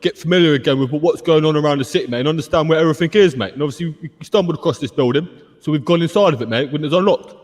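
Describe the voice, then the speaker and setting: A man playing a rowdy, cheeky older cop who rattles his words off at breakneck speed in a high-ish voice, mate on every line. A long reverb trails behind him. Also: darkish tone, natural voice. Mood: insistent. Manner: rapid, calls everyone mate. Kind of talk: game role-play.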